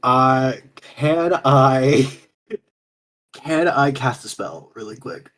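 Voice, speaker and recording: Male player, hesitant, fills pauses, casual. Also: medium pitch, a bit bright. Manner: halting, hesitant. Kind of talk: casual tabletop play.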